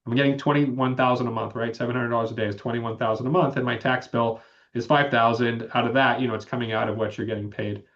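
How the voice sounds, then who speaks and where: Male participant, monotone, slightly muffled line, chatty explainer. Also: mid-range voice, quick pace. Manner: explanatory, hedging with "you know". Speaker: call participant. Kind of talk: casual webinar discussion.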